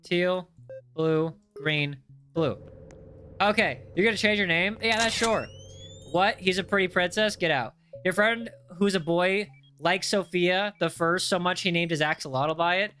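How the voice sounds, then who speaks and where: A young man hosting a casual game livestream, reading chat aloud in an excitable, jokey way with frequent restarts. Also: sits high, measured pace, slight background noise. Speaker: livestream host.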